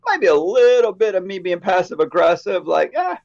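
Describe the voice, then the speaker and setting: Animated male podcast co-host, lo-fi. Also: high-pitched, brisk, vocal fry. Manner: animated storyteller, acts out quoted dialogue. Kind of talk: casual chat.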